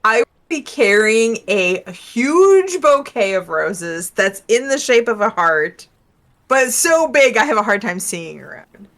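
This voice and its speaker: A woman's voice: on the high side, big pitch swings, measured pace, a bit bright. A woman playing at a tabletop role-playing game, chatting casually and teasing the others. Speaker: player. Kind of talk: casual chat.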